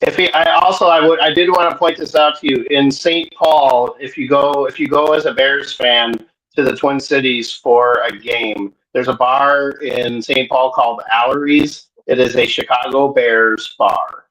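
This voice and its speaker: A man's voice: mid-range voice, steady tone, a little slow, a bit bright, poor audio. A man co-hosting a casual sports podcast, chatty and easygoing, laughing easily. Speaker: podcast co-host.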